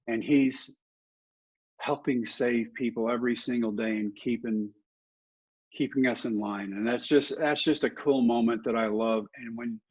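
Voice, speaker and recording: Husky middle-aged man telling stories. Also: mid-range voice, muffled recording. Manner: animated anecdotes, acting out other people's lines. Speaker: guest, former ballplayer and motivational speaker. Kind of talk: casual storytelling in a podcast interview.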